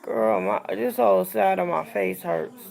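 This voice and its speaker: A woman hosts a casual live stream from home, talking to her viewers like old friends. She speaks unhurriedly, drawing out her words. Her voice carries a strong gravelly fry. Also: mid-range voice, measured pace, a little mellow, soft background music. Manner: chatty, confiding, addresses viewers as y'all and girl.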